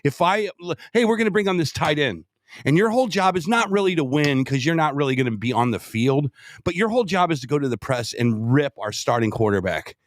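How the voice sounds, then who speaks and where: A man co-hosting a talk show, bantering about politics in a lively, joking way. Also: a little high, a little fast, no echo, clean studio sound. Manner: animated, does mocking impressions. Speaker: co-host.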